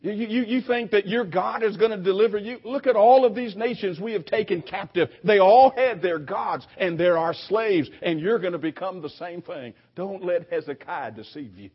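A man's voice: high-pitched, very animated, normal speed, husky, heavily acted. A man voicing a boastful male enemy envoy who mocks and intimidates a besieged city. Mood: mocking. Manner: mocking, intimidating. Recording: dull lo-fi recording.

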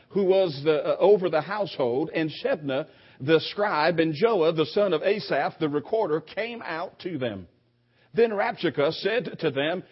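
Husky-voiced male preacher. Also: on the high side. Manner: halting, with frequent restarts. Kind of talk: sermon reading scripture. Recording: dull lo-fi recording.

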